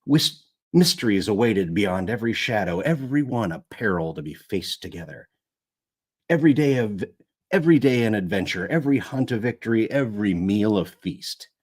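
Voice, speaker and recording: A man with a low voice reads an audiobook aloud, his pitch rising and falling widely. He restarts sentences when he stumbles. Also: very animated, normal speed, a little mellow. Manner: rereads lines after stumbles. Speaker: audiobook narrator.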